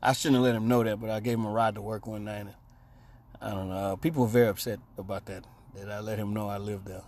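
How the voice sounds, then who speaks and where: A man's voice: lowish voice, steady tone, fast, darkish tone. A man on a radio talk show telling a rambling, profane story and acting out the quotes. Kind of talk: casual storytelling chat.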